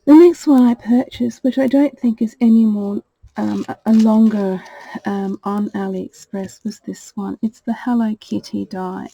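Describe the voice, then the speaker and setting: A woman presenting her craft purchases in a casual show-and-tell, talking in a gentle, gushing way. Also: mid-range voice, steady tone, a little slow, gravelly, no echo, poor audio. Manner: gentle and gushing, fond of "little".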